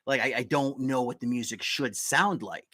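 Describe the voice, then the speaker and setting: Male live-stream host, excitable, rambling, dry close sound. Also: medium pitch, dry recording. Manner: excitable, rambling, quick bursts. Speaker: podcast host. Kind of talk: casual live-stream chat.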